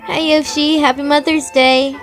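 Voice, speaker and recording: A woman's voice: high voice, level tone, moderate pace. A woman chatting casually on a livestream while she draws, talking in an earnest, confiding way. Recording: music in the background. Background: music playing.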